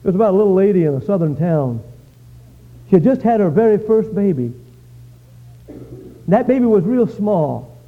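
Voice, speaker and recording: A man's voice: sits high, animated, normal speed, long pauses. A man preaching a revival sermon, telling a dramatic story with rising passion and pointed questions to the congregation. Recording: dull lo-fi recording.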